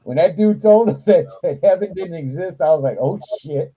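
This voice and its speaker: A man hosting a casual live toy chat, talking with animated, profane energy and frequent laughter. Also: on the high side, husky, rough recording. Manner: animated, profane, laughs a lot, slow drawl. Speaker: toy channel livestream host.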